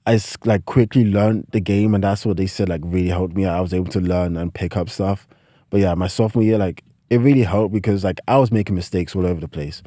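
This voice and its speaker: A late-teen British man from the United Kingdom, a student athlete appearing as a podcast guest, tells stories in a casual interview. His low, dark voice is fast and rambling, heavy with "like," and his British accent is partly Americanized. The studio-quality recording has no echo.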